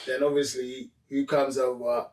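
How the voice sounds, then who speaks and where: A man's voice: mid-range voice, moderate pace, distant mic. A man co-hosting a casual podcast. He tells stories with lots of energy and acts out the people in them. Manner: animated storyteller, acts out the people in his stories. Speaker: podcast co-host. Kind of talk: casual chat. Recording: roomy sound, away from the mic.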